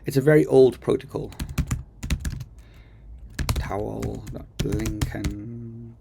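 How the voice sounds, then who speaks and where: This coding teacher's voice is fairly low, gravelly and fairly even in intonation, and he speaks slowly. He casually and enthusiastically narrates a screen-recorded tutorial, thinking aloud with many ums. His computer mic picks up background noise.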